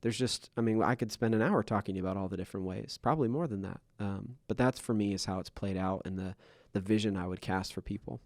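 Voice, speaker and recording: A man's voice: fairly low pitch, quick pace, a little mellow, dry recording, clean studio sound. A man in his thirties co-hosting a podcast, telling a personal story in an earnest, confessional way, with many fillers and restarts. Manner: earnest, confessional, full of fillers and self-corrections. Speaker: podcast co-host. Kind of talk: candid personal podcast conversation.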